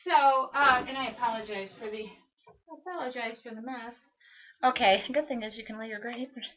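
A woman's voice: fairly high pitch, a little fast. A woman demonstrating a mixed-media art piece on a live stream, talking to herself and her viewers as she works in a home studio. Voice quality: chatty, self-talking. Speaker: art instructor. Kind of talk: live-streamed craft demo chat. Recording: lo-fi webcam stream audio.

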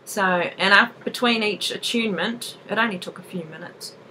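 A woman in her thirties speaks at an ordinary middle pitch, telling a personal story straight to camera. Her delivery is chatty and expressive, with easy laughter. A faint background hum sits under her voice. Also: moderate pace, poor audio. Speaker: vlogger sharing a personal experience.

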